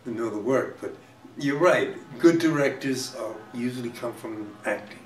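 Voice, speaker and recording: A man hosts a casual interview, telling stories in a rambling, halting way full of restarts. His voice sounds a few feet from the mic in a reverberant room, with a faint wash of ambient noise. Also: mid-range voice, far from the mic. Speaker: talk show host.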